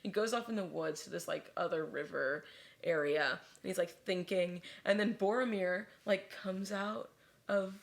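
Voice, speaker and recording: A young woman co-hosting a podcast, casually retelling a story in a rambling way, full of filler words and quick laughs. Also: on the low side, gravelly. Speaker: podcast co-host.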